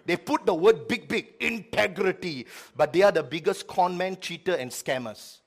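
A middle-aged man preaching a sermon as pastor, with lively swings between loud, emphatic lines and quiet ones. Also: sits high, moderate pace.

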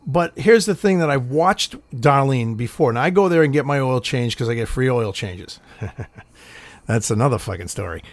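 A man's voice: medium pitch, lively intonation, normal speed, dry recording. A man hosting a casual podcast, telling a long rambling story full of swearing and quoted dialogue. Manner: rambling, profane anecdote telling. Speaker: podcast host. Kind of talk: casual chat.

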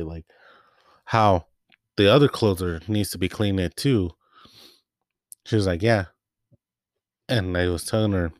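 A man's voice: low-pitched, no room sound, clean studio sound. A young man venting about work in a casual rant, swearing and retelling back-and-forth exchanges. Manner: profane, heated, retells quoted exchanges. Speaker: part-time bakery packager.

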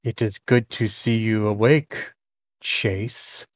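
A man doing a cold tentacled mind flayer captor from a tabletop game, slow and halting in broken speech. The voice sits in a middle pitch and is recorded dry and close. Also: steady tone, no room sound. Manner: slow, wet, menacing delivery.

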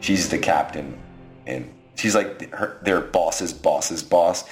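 Low-voiced male game master, rambling casual narration, faint music under. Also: slow. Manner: loose, rambling, restarting narration.

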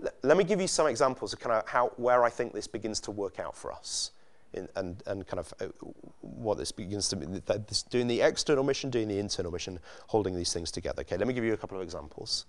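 A man's voice: fairly low pitch, animated, fast. Conversational preacher, a man. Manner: conversational, asks many rhetorical questions. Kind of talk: sermon.

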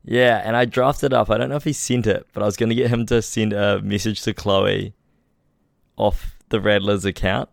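A deadpan New man co-hosts a laid-back podcast. His low voice has a gravelly edge, and the dry recording keeps him close to the mic. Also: normal speed, no echo. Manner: dry, flat deadpan delivery. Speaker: podcast co-host. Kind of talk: casual podcast chat.

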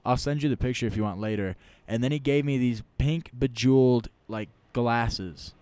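A man telling a story in casual chat, rambling and animated, often tagging lines with "right?". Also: mid-range voice, moderate pace, smooth, no room sound.

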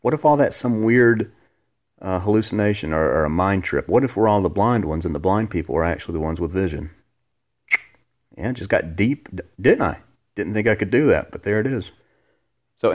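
A man's voice: deep voice, animated, a little fast, a little mellow. A man hosting a casual podcast from his living room, joking and rambling as he answers listener questions. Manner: joking, rambling, self-deprecating. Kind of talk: casual chat.

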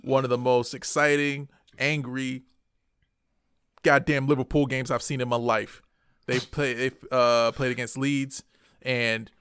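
A man co-hosting a casual podcast, telling a story animatedly and swinging between muttering and excited outbursts. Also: medium pitch, smooth, no echo, clean studio sound. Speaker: podcast co-host. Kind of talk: casual chat.

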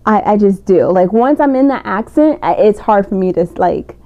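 Gravelly, mellow woman on a lo-fi podcast. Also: mid-range voice, animated, moderate pace. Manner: laughing, chatty, lots of fillers. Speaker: podcast guest. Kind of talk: casual chat. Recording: dull lo-fi recording.

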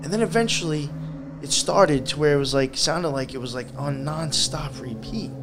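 A man talking excitedly on a podcast, cursing freely as he tells a story. His voice sits a little high for a man. Clear background noise runs under the recording. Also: normal speed. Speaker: podcast host. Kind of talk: casual chat.

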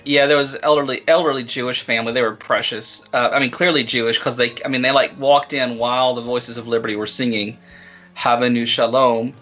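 A man's voice: medium pitch, flat delivery, brisk, a bit bright, muffled recording, soft background music. A man co-hosting a podcast in casual chat, dropping dry, teasing quips. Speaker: podcast co-host.

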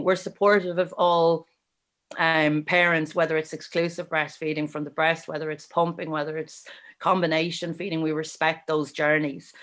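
A woman, co-hosting a podcast discussion in an earnest, measured way with soft hedges. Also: deep voice. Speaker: podcast co-host and story reader.

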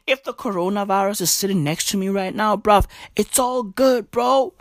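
A woman's voice: medium pitch, expressive, moderate pace, few pauses, fairly bright tone, no echo, studio quality. A woman delivering a profane comic rant, full of slang, swearing and emphatic repeats. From South Africa.

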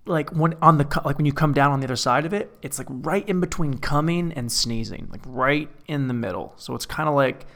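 A man's voice: fairly high pitch, brisk, creaky, hardly any pauses, a bit bright. A man alone in an empty apartment, talking through a rambling, profane comedic monologue full of restarts.

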